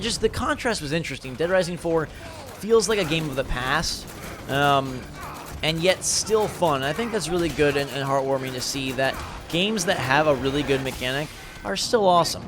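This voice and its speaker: Casual man commenting over gameplay. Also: on the high side. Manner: casual, enthusiastic rambling with fillers. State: tired, late at night. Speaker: gaming video host.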